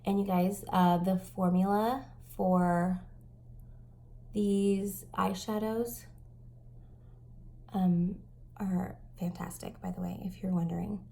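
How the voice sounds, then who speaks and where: A woman's voice: mid-range voice, little pitch movement, slow pace, creaky, pauses often. Chatty stuffy-nosed woman doing makeup. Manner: chatty, self-mocking, drifting into soft asides. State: stuffy, breathing heavily. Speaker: makeup vlogger. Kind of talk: casual makeup tutorial chat.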